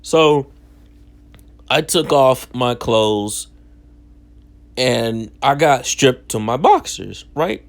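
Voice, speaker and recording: A man's voice: medium pitch, expressive, very slow, gravelly, pauses often. A young man casually telling a story from his childhood in slangy, self-mocking talk. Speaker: vlogger.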